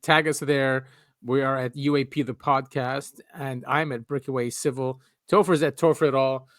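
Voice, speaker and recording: A man's voice: mid-range voice, fairly even intonation, normal speed, dry recording, studio quality. A man co-hosting a podcast, laid-back and chatty, leaning on "you know" and turning upbeat to plug the show. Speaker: podcast co-host. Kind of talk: casual chat.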